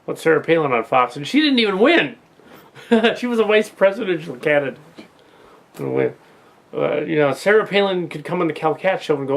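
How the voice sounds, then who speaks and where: A man's voice: a little high, lively intonation, fairly quick, gravelly, a bit bright. A man hosting a casual political commentary monologue, rambling with frequent restarts and laughing at his own jokes. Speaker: host.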